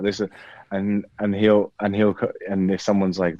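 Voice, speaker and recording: A British actor chatting in an interview, talking thoughtfully with lots of restarts and hedges. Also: male voice, deep voice, flat delivery, normal speed, a little mellow, no echo, dull audio. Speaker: actor guest. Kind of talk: casual interview chat.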